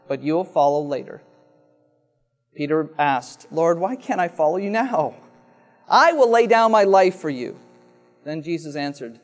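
A man with a fairly high voice delivers a sermon, reading scripture aloud and then unpacking it. He speaks slowly and deliberately, leaning on pauses and repeating key lines for emphasis. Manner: slow, deliberate preaching with dramatic pauses and repetition. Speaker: preacher.

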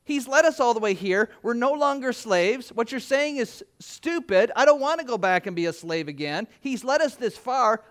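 A man preaching a sermon, retelling scripture in his own words and acting out the speakers in lively voices. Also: extremely high pitch, normal speed, hardly any pauses. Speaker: pastor.

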